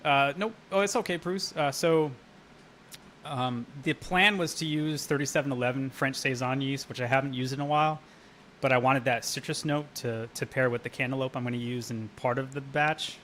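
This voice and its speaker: A man's voice: mid-range voice, steady tone, moderate pace, fairly bright tone, a little hiss or hum. A man chatting casually on a live brewing stream, rambling and swearing freely as he tells stories and answers chat. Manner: rambling, profane, laughs while telling stories.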